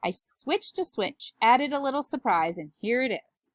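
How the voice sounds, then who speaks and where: A woman reading a storybook aloud, voicing an excitable male mad scientist who exclaims loudly. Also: sits high, moderate pace, a little hiss or hum, pitched above the performer's own voice. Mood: proud. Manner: shouty, exclaiming.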